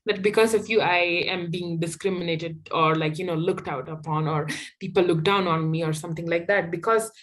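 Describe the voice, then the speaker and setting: Young afghan woman, activist guest, talks emphatic and candid, lots of quick restarts. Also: fairly low pitch, fairly even intonation. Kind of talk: personal storytelling in an interview.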